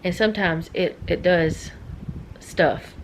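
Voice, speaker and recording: A woman's voice: lowish voice, steady tone, takes it slowly, a little hiss or hum, low-quality recording. A middle-aged woman chatting casually as a vlogger, rambling and easily sidetracked. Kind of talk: casual chat.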